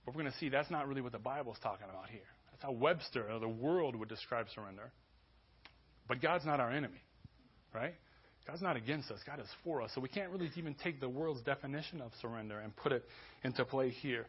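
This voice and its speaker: Husky-voiced male pastor preaching. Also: mid-range voice, quick pace, dull audio. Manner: conversational preaching, with restarts and rising emphasis. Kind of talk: sermon. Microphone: church sermon recording.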